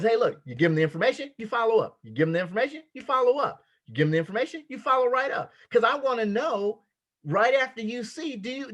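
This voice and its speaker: A man's voice: sits high, a bit bright. A man giving a motivational sales training talk, emphatic and repetitive, with a preacher-like cadence. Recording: dull lo-fi sound.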